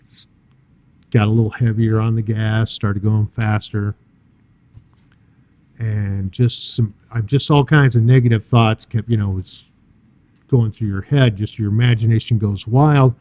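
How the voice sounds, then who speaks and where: An older man sharing a personal testimony in an interview, telling his story in an earnest, halting way with many fillers and restarts. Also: fairly low pitch, warm tone, no room sound. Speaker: church guest sharing a testimony.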